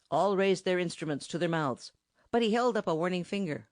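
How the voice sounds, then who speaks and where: A woman narrating an audiobook in an expressive, lively reading close to the mic. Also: low-pitched, normal speed, no room sound.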